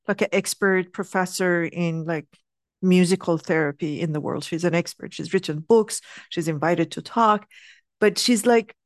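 A middle-aged woman telling a heartfelt personal story, earnest and animated, sometimes dropping to a soft hush. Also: fairly low pitch, no room sound, clean studio sound. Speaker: speaker sharing a personal story.

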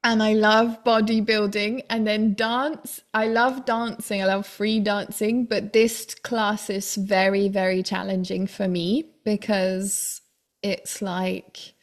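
A woman in casual conversation, a single mother telling lively stories about her dance class and money worries, with laughter and exclamations. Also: medium pitch, takes it slowly. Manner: animated storytelling with laughs and exclamations. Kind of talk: casual chat.

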